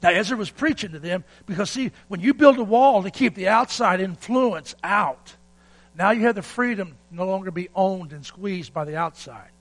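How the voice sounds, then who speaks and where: A man preaching a sermon, telling stories in a folksy way and calling out for amens, building up to shouted peaks. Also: sits high, moderate pace, poor audio. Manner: calls for amen from the congregation. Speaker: pastor.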